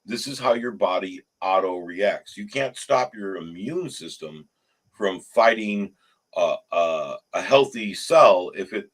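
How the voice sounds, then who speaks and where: A man's voice: sits low, takes it slowly, husky, low-quality recording. A man hosting a casual recovery group chat, talking earnestly with stumbling restarts. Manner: earnest, stumbling restarts, rises sharply when animated. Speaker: show host.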